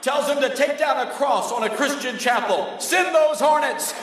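A man preaching in a loud shouting voice, recorded in a large echoing hall with a crowd. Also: moderate pace, far from the mic, background noise. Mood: fervent. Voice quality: shouting, high-pitched. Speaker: preacher in played clip. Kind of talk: shouted sermon.

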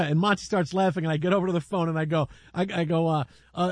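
A man hosting a sports radio show, telling stories in playful, animated banter. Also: a little high, quick pace, hardly any pauses, no room sound, clean studio sound.

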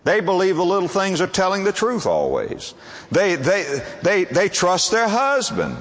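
An older man preaching a sermon, with wide swings in pitch and slow, drawn-out emphasis. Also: huge pitch swings, a bit bright, big-room sound.

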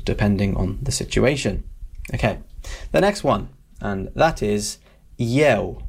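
A man's voice: mid-range voice, darkish tone. A man teaching vocabulary in a casual video lesson, often checking in with "okay?" as he explains. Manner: friendly, repeats "okay?" to check in. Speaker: language teacher.

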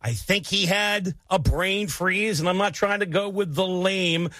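An American man hosting a sports talk show, talking through a match with emphatic, opinionated energy. His voice is bright and a little higher than most men's. The sound is dry and close, with no room echo. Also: measured pace. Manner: emphatic, opinionated, animated delivery. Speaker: sports radio host.

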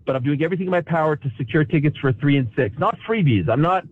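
A man's voice: fairly high pitch, animated, quick pace, slightly rough. A man in his forties from Canada, calling in to a show and talking with emotion, full of restarts. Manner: emotional, restless, many restarts. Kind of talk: casual chat. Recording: tinny phone line.

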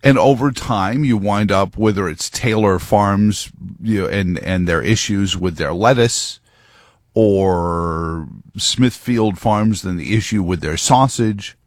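Low-voiced man in an emphatic monologue. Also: takes it slowly, no room sound, studio quality. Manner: rambling, emphatic, digressive. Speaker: radio talk host. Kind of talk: opinionated monologue.

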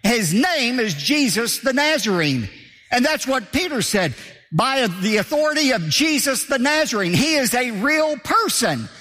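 A man's voice: very high voice, big pitch swings, a little slow, bright, forceful tone, long reverb tail. A man preaching a sermon as pastor, emphatic, asking rhetorical questions and hammering points home with repetition.

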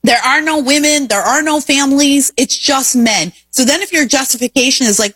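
A woman's voice: high voice, moderate pace, hardly any pauses, fairly bright tone, no room sound. A woman hosting a talk show, delivering an emphatic, opinionated monologue full of rhetorical questions. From Indiana, US.

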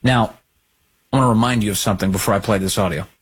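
A man hosting a political talk show, giving combative, sarcastic commentary with a husky voice. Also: on the low side, fast. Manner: combative, sarcastic, lively intonation. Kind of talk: opinionated commentary.

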